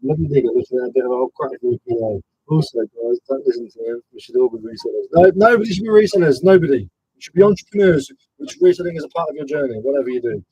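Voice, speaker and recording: Male streamer, mellow voice, casual swearing banter. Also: medium pitch, animated, fast, hardly any pauses, slightly rough, no echo, dull audio. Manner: rambling, swearing banter with viewers. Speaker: reseller streamer. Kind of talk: casual live-stream chat.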